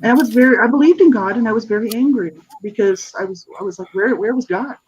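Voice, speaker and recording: She talks fast, her voice high-ish, a little mellow and husky, with the highs cut off. A fifties-aged author and advocate on a radio interview, she tells her story earnestly and searchingly, full of restarts, asides and "you know, right?"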